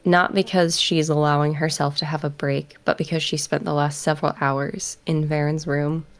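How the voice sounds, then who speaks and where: A woman player hesitantly narrating her character's actions in a tabletop game. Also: low voice. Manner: hesitant, many ums.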